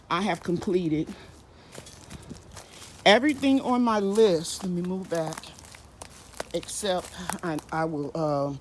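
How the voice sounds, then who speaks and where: Out in her home garden, a woman hosts a gardening vlog, chatting and explaining each step as she works. Her voice is fairly low, and the audio is poor with slight background noise.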